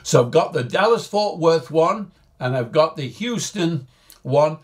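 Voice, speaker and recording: A man's voice: on the high side, animated, unhurried. An older man hosting his flight simulator videos, chatting in a cheerful, jokey way straight to his viewers. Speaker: flight sim video host. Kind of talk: casual chat to camera.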